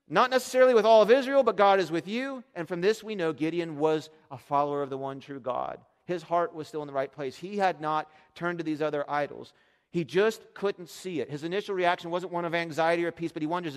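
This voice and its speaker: A man in his thirties preaching a sermon as pastor, getting loud and high on quoted lines and dropping quiet for asides. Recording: long reverb of a large hall.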